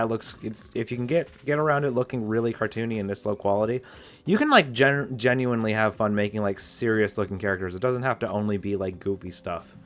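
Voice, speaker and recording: A man giving casual, rambling let's-play commentary in a playful way, often restarting his sentences. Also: medium pitch. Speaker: gameplay commentator.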